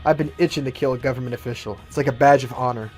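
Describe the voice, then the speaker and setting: A man's voice: mid-range voice, fairly even intonation, racing, darkish tone, soft background music, natural voice. A man voicing a cocky, bloodthirsty male mercenary who boasts casually.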